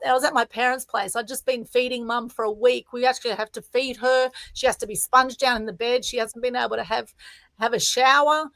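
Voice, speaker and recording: A woman's voice: on the high side, fairly quick, vocal fry, fairly bright tone, no echo. A middle-aged Australian woman co-hosting a live stream, talking earnestly and emotionally, often adding "right?" to her points. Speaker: co-host. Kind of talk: casual chat on a live stream. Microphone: video call.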